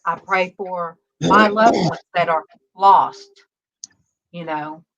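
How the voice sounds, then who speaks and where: Soft-spoken woman, slow, halting. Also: on the low side, highs cut off. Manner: halting, many pauses and "um"s. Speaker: online ministry panel host. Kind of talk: casual prayer-group chat.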